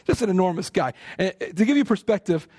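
A man with an American accent preaching at a conference, his voice sitting high and bouncing all over. He tells his stories with animation, slipping into the voices of the people in them. The delivery feels like a lively sermon. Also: fast talker, slightly rough, dry recording, clean studio sound. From United States. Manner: animated storytelling, acting out quoted speech.

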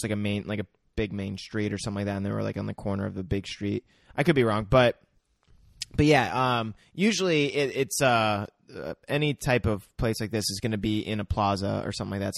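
A man's voice: lowish voice, quick pace, vocal fry, no echo, clean studio sound. A man co-hosting a podcast, chatting casually and rambling through his remarks with hedges. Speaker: podcast co-host. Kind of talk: casual chat.

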